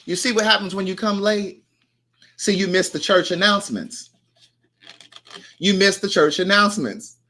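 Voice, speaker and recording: High-voiced, bright and forceful, this young host tells a story at a normal speed with frequent pauses, performing the quoted lines during a relaxed live chat.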